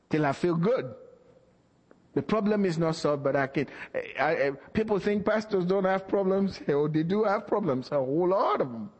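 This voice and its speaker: A man's voice: high-pitched, long reverb tail. A male pastor preaching a sermon with emphatic, repeated phrases, recorded in a church.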